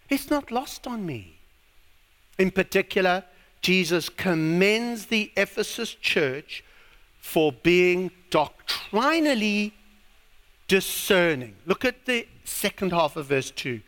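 A man's voice: high voice, animated, measured pace, a bit bright. A South African man preaching a sermon as pastor, emphatic and drawing out his words. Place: church hall. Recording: long reverb of a church hall.

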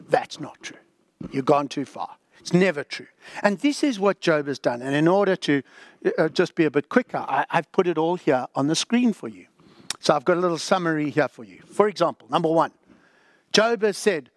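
Animated high-voiced male preacher. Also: measured pace, no echo, studio quality. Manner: emphatic, repetitive, swooping between loud highs and hushed lows. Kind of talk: sermon.

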